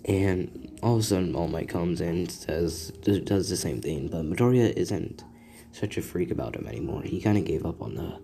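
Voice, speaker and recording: A young man improvising a fan-fiction story in a rambling, halting way, with asides to his listeners. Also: low-pitched, expressive, creaky, warm tone, slight background noise. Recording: beat music playing behind. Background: music beats.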